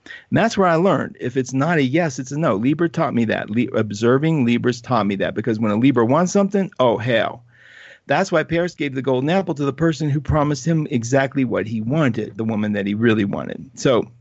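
A man hosting a live astrology talk show, reading viewer comments in an animated, chatty way and laughing often. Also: medium pitch, a little fast, husky, no echo, highs cut off.

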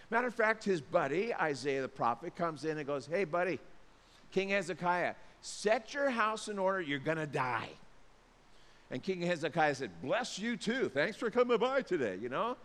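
Pastor, male, high voice, loose and jokey storyteller, long hall echo. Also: a bit bright. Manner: casual, joking storytelling. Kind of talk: sermon.

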